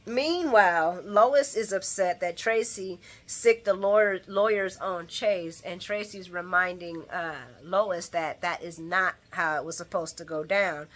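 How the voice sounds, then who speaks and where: A woman hosting a daily soap opera recap, talking straight to her viewers in an animated, opinionated way. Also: mid-range voice. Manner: animated and opinionated, talks to viewers as guys and y'all, acts out retorts. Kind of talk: casual chat, daily show recap.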